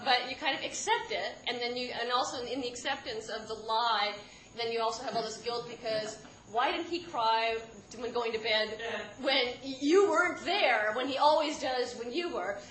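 A woman in her thirties telling a comic personal story to a live audience, rambling and self-deprecating, with sudden loud outbursts. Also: a little high. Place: stage in a room with a live audience. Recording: roomy live room with background noise.

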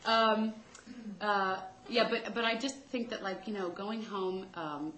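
A woman's voice: medium pitch, moderate pace, fairly bright tone, roomy sound, a little hiss or hum, poor audio. A woman telling a rambling, self-deprecating comic story about her family in a chatty way.

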